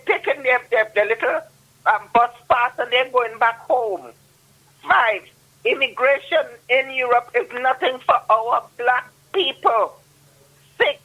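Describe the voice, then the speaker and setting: Bright-voiced insistent woman caller. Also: fairly high pitch, rough recording. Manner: insistent, lists numbered points. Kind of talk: radio phone-in call.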